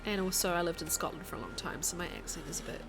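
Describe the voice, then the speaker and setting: A woman with a soft New Zealand accent, chatting casually on a live game stream, reading chat aloud and thinking out loud as she plays. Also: on the low side, fairly even intonation, very fast, vocal fry, over music.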